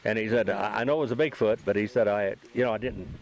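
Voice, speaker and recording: A man's voice: lowish voice, fairly even intonation, fast talker, creaky, poor audio. An older man hosting a casual outdoor chat, telling a rambling story and repeating himself as he acts out what people said. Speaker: host and sighting witness. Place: outdoors near a trailhead.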